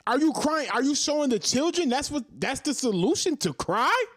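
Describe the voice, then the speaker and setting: Heated man ranting with lively pitch. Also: moderate pace, no echo, clean studio sound. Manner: heated, profane, hammering rhetorical questions. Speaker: commentary host. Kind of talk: ranting monologue.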